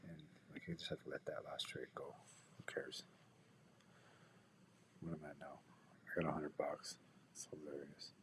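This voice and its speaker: A man's voice: a bass voice, flat delivery, normal speed, vocal fry, long pauses, background noise. A man rambling through casual trading commentary and personal stories, swearing freely and dropping into whispered asides to himself. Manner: drops into whispers. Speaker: day trader.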